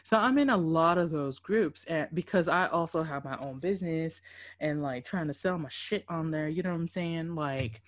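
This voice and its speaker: A woman's voice: low voice, normal speed, no room sound, clean studio sound. A woman co-hosting a casual podcast, swearing freely and acting out the people in her stories. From Dallas–Fort Worth area, Texas. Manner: profane, animated storyteller who acts out quotes. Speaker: podcast co-host. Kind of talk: casual chat.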